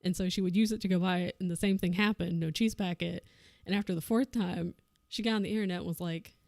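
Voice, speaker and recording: A woman's voice: lowish voice, steady tone, fast, gravelly, darkish tone, no room sound, studio quality. A young woman streamer chatting casually while she crafts, telling a rambling story and laughing often. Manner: laughs often, rambling anecdote with acted quotes.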